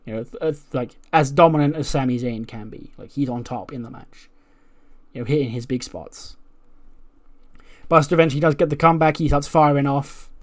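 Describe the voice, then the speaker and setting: A man hosts a let's play, calling a simulated wrestling show with lively play-by-play and casual asides, his medium-pitched voice moving briskly.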